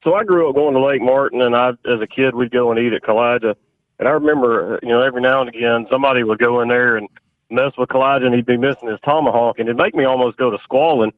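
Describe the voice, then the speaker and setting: A man's voice: mid-range voice, fast, no echo. A man with a Southern American accent phoning in to a radio show to tell a childhood story. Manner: storytelling, nostalgic. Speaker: caller. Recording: tinny phone line.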